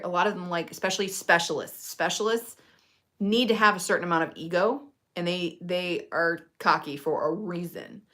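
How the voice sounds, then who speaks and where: Chatty woman herbalist, low voice. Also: a bit bright. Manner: chatty, earnest, frequent fillers and restarts. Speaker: herbalist host. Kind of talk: casual advice talk.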